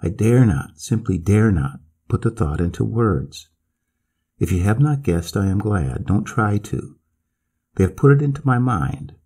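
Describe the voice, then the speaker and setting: A man's voice: lowish voice, lively intonation, measured pace, dark tone, slightly rough, heavily acted. A man reading aloud and voicing a frightened Swedish companion who speaks in an urgent, pleading way. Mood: fearful.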